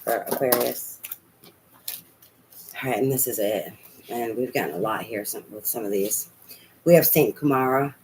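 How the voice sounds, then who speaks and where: A man's voice: medium pitch, normal speed, long pauses, a little mellow, a little hiss or hum, rough recording. A man giving a casual tarot reading, talking aloud to spirit and swearing now and then. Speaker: tarot reader.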